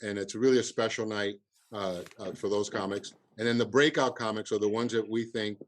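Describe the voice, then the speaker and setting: Halting man with a Cuban accent. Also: lowish voice, fairly even intonation. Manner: halting, repeats words, many fillers. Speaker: comedy festival producer. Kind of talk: casual podcast interview.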